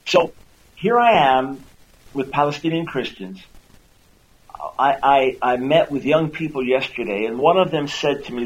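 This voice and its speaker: On a low-quality recording, this medium-pitched, animated man speaks at a measured pace with frequent pauses. As a radio talk show host and Christian apologist, he earnestly teaches, repeats words while building points, and dramatizes quotes loudly.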